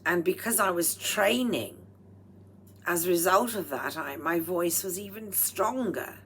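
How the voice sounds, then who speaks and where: A woman vlogging at home with a throaty, strained voice, speaking in a slow, deliberate and slightly formal way and often dropping into breathy whispered asides. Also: on the low side, a bit bright. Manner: proper, slightly formal phrasing. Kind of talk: rambling personal vlog monologue. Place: at home while cooking. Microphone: speaking into a microphone.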